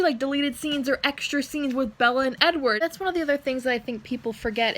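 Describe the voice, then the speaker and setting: A young woman book vlogger reacting to a novel as she reads, gushing, swearing and jumping into excited shrieks. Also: sits high.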